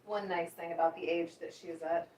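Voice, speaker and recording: A woman's voice: lowish voice, steady tone, a little fast, a little mellow. Teasing woman, distant in a roomy house. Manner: teasing, chatty. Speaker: homesteading vlogger. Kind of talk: casual chat. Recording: roomy, distant, noisy home recording.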